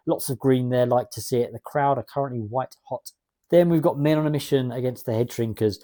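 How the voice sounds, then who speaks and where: A man's voice: mid-range voice, mellow, no room sound. A man hosting a let's-play video, chatting in a rambling way and reading out game text as he plays. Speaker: gaming video host.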